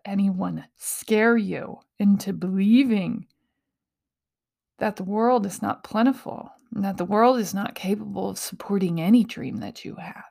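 Hosting a casual motivational talk, a woman keeps things playful, laughing at herself and often whispering breathily. Her voice is medium in pitch and dark in tone.

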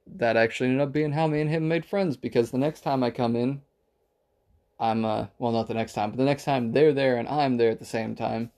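A man with a mid-range, gravelly voice and a darkish tone casually recounts a night at a bar. His story rambles, is full of profanity, and he acts out the quotes.

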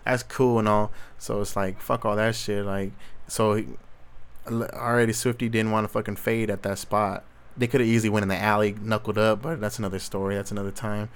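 A man's voice: on the low side, level tone, a little fast, clear, resonant tone. A man hosting a solo podcast, ranting casually with blunt opinions, heavy street slang and constant swearing. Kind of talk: casual commentary rant.

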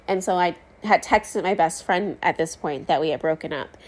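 A woman's voice: fairly low pitch, steady tone, brisk, few pauses. A pregnant woman in her thirties hosting a casual talk show, telling a long story in a chatty, rambling way with many fillers and asides. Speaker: podcast host.

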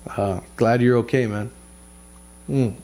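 A man's voice: medium pitch, steady tone, takes it slowly, a little mellow. A man telling a rambling family story in casual talk, swearing constantly and repeating himself with frustration. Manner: profane, frustrated, rambling with many restarts and fillers. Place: lives in Texas.

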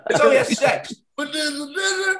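A man's voice: extremely high pitch, brisk, vocal fry, a loud crowd. A male stand-up comedian doing a crude, rambling set that repeats itself. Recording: loud live audience laughter.

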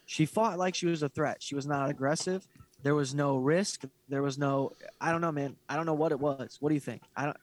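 Fairly high-voiced man, hesitant chat. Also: fairly even intonation, a little fast. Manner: hesitant, searching for words. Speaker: podcast co-host. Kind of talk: casual fight-talk chat.

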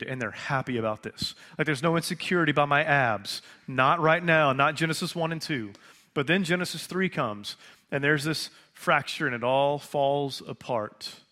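A man preaching a conversational sermon, asking rhetorical questions and pausing for effect. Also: medium pitch, sharp tone. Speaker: pastor.

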